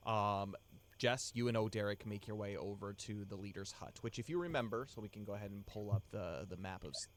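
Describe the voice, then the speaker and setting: Casual game master man, rambling narration, lowish voice. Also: fairly quick, a little hiss or hum. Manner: loose, rambling with fillers.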